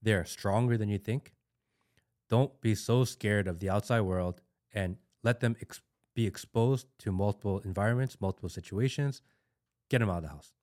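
A man's voice: lowish voice, normal speed, a little mellow. A man speaking as a guest on a casual podcast, talking bluntly and emphatically as a new father, repeating key words for force.

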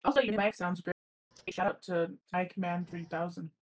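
A woman's voice: on the low side, fairly even intonation, normal speed. A woman in casual chat, enthusiastic and supportive of her co-host.

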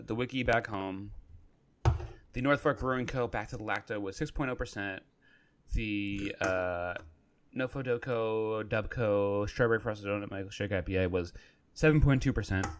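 A man co-hosting a casual podcast reviews beers, rambling in a laid-back way with lots of fillers. His voice is on the low side, and there is a little hiss or hum.

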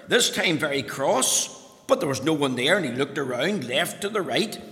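Brief: high, bright man storyteller for kids, lively, long hall reverb. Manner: lively, addresses children with questions. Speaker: storyteller for children. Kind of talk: telling a children's story aloud.

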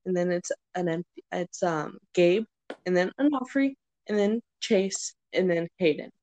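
A young woman telling rambling stories in casual chat, often breaking into loud impressions of her friends. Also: lowish voice, expressive, a little slow, low-quality recording. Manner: chatty storytelling, rambling with fillers; shouts playful impressions of friends.

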